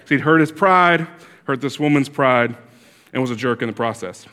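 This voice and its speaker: A man's voice: medium pitch, normal speed, fairly bright tone. A man preaching a sermon as a pastor, telling a story in a conversational way with asides and restarts.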